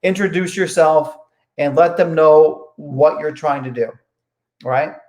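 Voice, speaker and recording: A young man with a fairly high voice coaches viewers on making sales calls, in a casual spoken lesson. He talks conversationally, doubles back on his words, and acts out the lines a caller might say. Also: slow, a little mellow. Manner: conversational, repeats phrases, acts out sample phone calls. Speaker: real estate investing coach.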